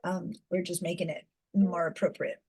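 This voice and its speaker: A woman's voice: lowish voice, level tone, moderate pace, darkish tone, husky, rough recording. A woman teaching a design class over a video call, chatty, with many fillers and restarts. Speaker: design instructor. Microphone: computer mic on video call.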